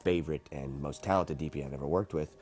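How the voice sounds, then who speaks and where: A man, an actor, telling lively stories from a film shoot in a documentary interview and acting out the lines of people he quotes. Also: rumbling low, fast. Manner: animated storyteller who acts out quotes.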